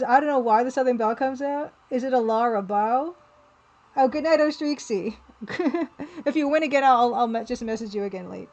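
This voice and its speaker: A woman's voice: fairly high pitch, unhurried, a little mellow. A woman livestreaming as an artist, chatting casually and playfully, with easy laughter. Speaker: livestreaming artist and game developer.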